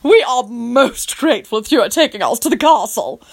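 A woman voicing a fussy, cowardly, theatrical immortal man in a storybook reading, with a high, wailing manner. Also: very animated, moderate pace, fairly bright tone. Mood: haughty.

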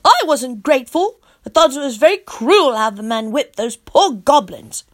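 A woman reading a first-person storybook aloud as its storyteller, in an animated, childlike narrator voice. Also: high-pitched, normal speed.

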